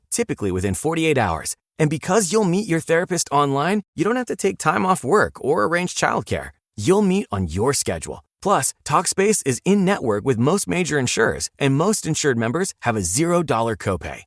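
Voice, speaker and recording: A man's voice: on the high side, normal speed, hardly any pauses, no room sound, studio quality. A man reading a sponsor advertisement in an upbeat sales voice. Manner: upbeat, lively sales read. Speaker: ad narrator. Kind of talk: read sponsor ad.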